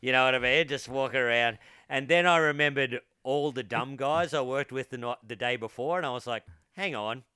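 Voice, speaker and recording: A man's voice: mid-range voice, a little fast, few pauses, pushed and bright, clean tone, no room sound, studio quality. A man co-hosting a podcast, telling work stories in casual chat, swearing, laughing and asking "right?" often. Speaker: podcast co-host.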